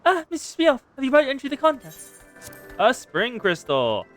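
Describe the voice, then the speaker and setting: A man putting on a fussy high-voiced judge. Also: wildly swooping pitch, normal speed, a bit bright, soft background music, exaggerated voice. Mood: grandiose.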